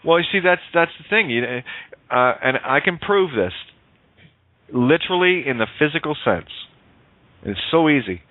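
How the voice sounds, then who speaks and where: A man hosting a casual call-in radio show, animated, swearing and laughing often. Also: on the high side, normal speed, dry recording. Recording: phone-line radio audio.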